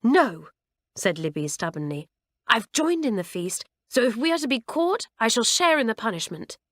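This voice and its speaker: A woman voicing a stubborn, earnest schoolgirl in an audiobook, pitching her voice up. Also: sing-song, moderate pace, a bit bright, no room sound, studio quality. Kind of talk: audiobook character reading.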